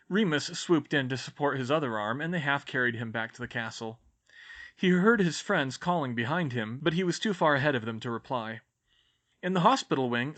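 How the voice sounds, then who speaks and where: Guy reading a story out loud, dramatic and expressive, really bright voice. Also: medium pitch. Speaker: audiobook narrator. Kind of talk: storybook reading of fan fiction.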